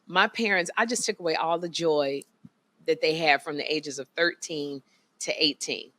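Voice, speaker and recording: A middle-aged American woman co-hosting a podcast, chatting casually and acting out family stories with loud, animated quoted voices. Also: low voice, normal speed. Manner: animated storyteller, acts out quotes loudly. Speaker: podcast co-host. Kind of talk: casual comedic chat.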